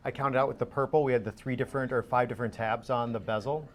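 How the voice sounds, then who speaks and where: Relaxed man explaining watch features. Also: medium pitch, quick pace. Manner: relaxed, talkative, many fillers and restarts. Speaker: watch brand guest expert. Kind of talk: product explanation on live shopping TV. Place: television studio.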